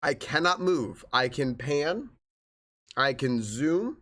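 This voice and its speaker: A man's voice: mid-range voice, lively intonation, slow pace, a bit bright. A young man live-streaming a game, chatting in an upbeat way and greeting his viewers one after another.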